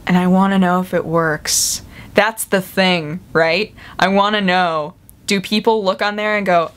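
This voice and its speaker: Young woman vlogger, casual and chatty, with animated pitch jumps for quoted voices. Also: moderate pace. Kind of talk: casual chat to camera.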